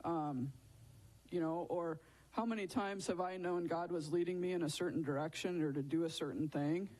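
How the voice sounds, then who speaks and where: A man with a fairly high voice gives a children's Bible lesson. He talks in a chatty, informal way and keeps turning to his listeners with questions. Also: fairly even intonation, normal speed, a little mellow, poor audio.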